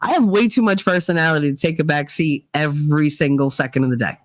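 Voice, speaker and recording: A woman from Northeast Pennsylvania hosting a livestream, chatting casually with her viewers and telling stories full of fillers and quick voice mimicry. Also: deep voice, rough recording. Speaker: livestream host reading chat. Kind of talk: casual chat.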